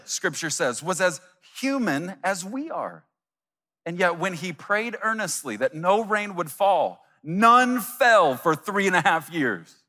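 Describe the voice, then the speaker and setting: Animated pastor preaching in a reverberant hall. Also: male voice, high-pitched. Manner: animated, acts out imagined voices. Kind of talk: sermon.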